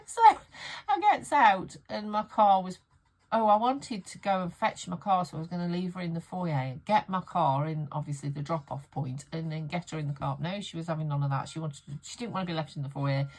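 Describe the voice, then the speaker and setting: A middle-aged woman talks in a relaxed, rambling way, laughing often. Her voice sits low for a woman. She is recording in her home art studio. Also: fairly quick, rough recording. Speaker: art vlogger. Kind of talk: casual chat.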